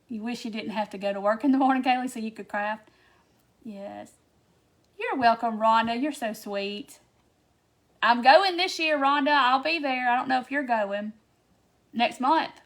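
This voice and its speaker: A woman's voice: fairly high pitch, unhurried, pauses often. A chatty woman hosts a casual craft tutorial livestream and answers viewer comments as she goes.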